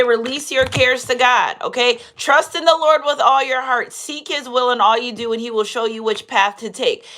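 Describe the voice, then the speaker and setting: A woman's voice: a little high, fairly bright tone. A woman giving a live tarot reading. She preaches, quotes scripture and repeats her phrases. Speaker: tarot reader.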